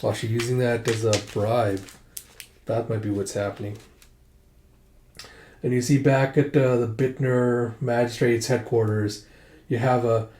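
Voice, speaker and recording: A man's voice: medium pitch, flat delivery, a little slow, pauses often, darkish tone. Chatty man narrating with asides. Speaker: comic reader. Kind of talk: casual comic readthrough. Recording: roomy echo.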